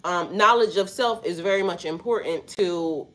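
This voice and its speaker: A woman's voice: on the low side, normal speed, a bit bright. Woman spiritual coach, stuffy-nosed, loose and slangy, swears casually. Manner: rambling, slangy, swears freely. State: stuffy, snotty nose. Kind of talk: casual spiritual talk to viewers.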